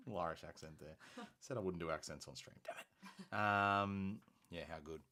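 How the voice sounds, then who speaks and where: A man's voice: deep voice, quick pace, fairly bright tone. An Australian man hosting a hobby painting stream, chatting casually and enthusiastically with plenty of fillers. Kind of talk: casual live-stream chat while painting.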